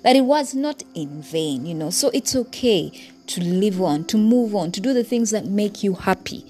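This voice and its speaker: A woman's voice: medium pitch, lively intonation, normal speed, dark tone, soft background music. A woman hosting a podcast, speaking earnestly and from the heart straight to her listeners in a reflective personal monologue. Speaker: podcast host.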